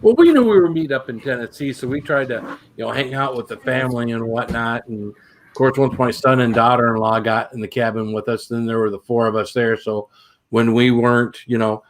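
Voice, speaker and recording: A middle-aged man from the northern United States talks casually as a channel host. His voice sits at an everyday pitch, and his sentences wander, stalling on repeated words before he gets the thought out. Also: a little fast. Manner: rambling, repeats words while searching for them. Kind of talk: casual chat.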